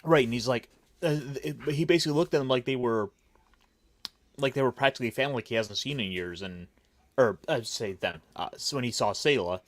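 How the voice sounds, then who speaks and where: A man's voice: medium pitch, a little fast, no room sound. A man hosting a casual roundtable chat, recapping with wry, mocking asides. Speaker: podcast host.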